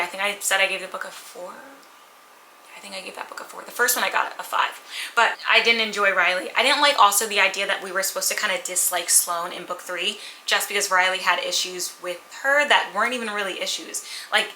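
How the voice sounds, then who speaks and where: A woman casually reviewing books at home, candid and animated, sometimes acting out characters' lines. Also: mid-range voice, quick pace, roomy sound, a little hiss or hum, poor audio. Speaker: book vlogger. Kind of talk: casual chatty book review. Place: at home with a purring cat nearby.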